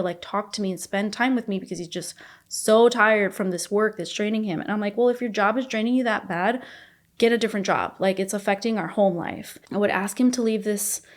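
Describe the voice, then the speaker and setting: A woman in her thirties speaks as a podcast guest, sharing a personal story in candid, unscripted talk. She rambles, circles back on herself and leans on "like" in almost every phrase, at an ordinary pitch for a woman. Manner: rambling, fills speech with "like".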